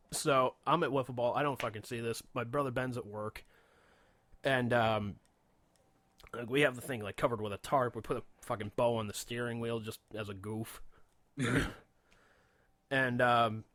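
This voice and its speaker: A man's voice: medium pitch, steady tone, a little slow, long pauses, a bit bright, dry recording. A man co-hosting a radio show, telling a long story in a casual, rambling way, with frequent swearing and fillers.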